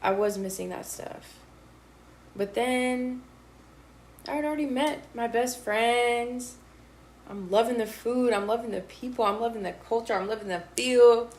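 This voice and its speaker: A woman's voice: a little high, unhurried. A woman in her twenties being interviewed about her college years, telling her story in a casual, slangy way. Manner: lively storyteller, slangy, acts out quotes. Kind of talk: casual chat.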